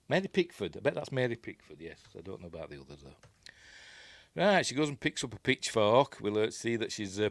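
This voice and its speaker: With no room sound in the recording, a low-voiced man speaking in a Yorkshire accent reviews a film loosely, wandering through asides and frequent ums.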